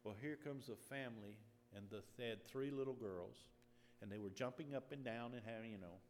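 A man pastor telling a personal story in a sermon, moving from relaxed storytelling to emphatic preaching. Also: mid-range voice. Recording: echoey hall with faint noise.

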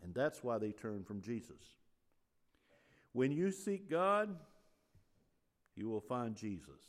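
A middle-aged man preaching a sermon in a church, his voice climbing and growing loud on key points, with many restarts and fillers. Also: medium pitch, slow pace. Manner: animated, rising loud on emphasis, restarts and fillers.

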